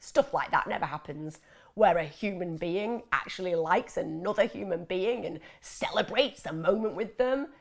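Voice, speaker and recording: A woman with a fairly low, creaky voice hosts a live mental health Q&A at a moderate pace. She reads out viewer questions in a casual, animated way, laughing often and mimicking voices.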